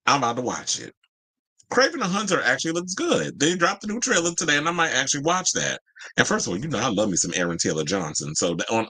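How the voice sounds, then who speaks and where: Animated man with a bright, dry voice. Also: fairly low pitch, dry recording, poor audio. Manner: animated and chatty, reads and answers live chat, swears freely. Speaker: entertainment news show host. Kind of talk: casual pop-culture commentary.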